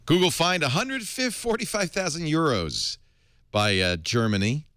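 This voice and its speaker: A man's voice: a little high, unhurried, dry recording, studio quality. A middle-aged man hosting a podcast, reading tech news in a casual, wry way. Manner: wry, animated, slips into comic voices. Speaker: podcast host.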